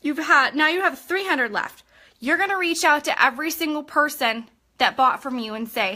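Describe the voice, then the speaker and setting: A woman's voice: high voice, normal speed, bright, forceful tone. A young woman giving an upbeat live-streamed coaching talk as a sales team trainer, chatty and constantly checking in with her listeners.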